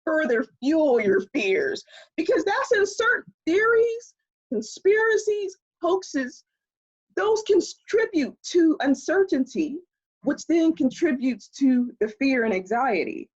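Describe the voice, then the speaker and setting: A woman speaking as an expert guest in a conversational interview, explaining in an animated way and laughing often, heard over a video call. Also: sits high, slow pace, highs cut off.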